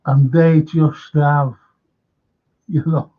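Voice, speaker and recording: A man's voice: on the high side, flat delivery, extremely slow. A man hosting a live fan show, talking emphatically to viewers by name, repeating points and swearing. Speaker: fan channel host. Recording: dull lo-fi sound.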